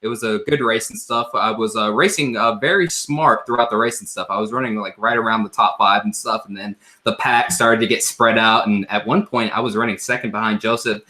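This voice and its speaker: A man's voice: lowish voice, steady tone, a little fast, hardly any pauses, sharp tone. A man hosting a casual podcast, joking around, laughing often and filling gaps with "um". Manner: laughs a lot, loose and joking, many fillers. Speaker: podcast host. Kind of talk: casual chat about sim racing.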